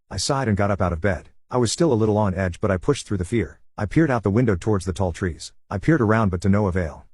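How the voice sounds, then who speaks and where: A man reads a scary tale at a quick, even pace. His voice sits low and has a husky edge. The sound is dry and close, with no room around it. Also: no echo. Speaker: narrator. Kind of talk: scripted horror story narration.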